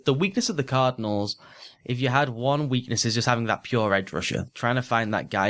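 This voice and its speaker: A man with a medium-pitched, slightly bright voice co-hosts a sports podcast. He breaks down games in fluent, analytical, casual conversation, frequently restarting his sentences.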